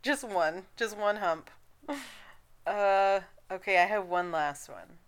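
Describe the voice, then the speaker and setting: A woman co-hosting a casual podcast chat, giggly and laughing often, audibly high. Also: slow, clear, resonant tone. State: high on cannabis. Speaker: podcast co-host.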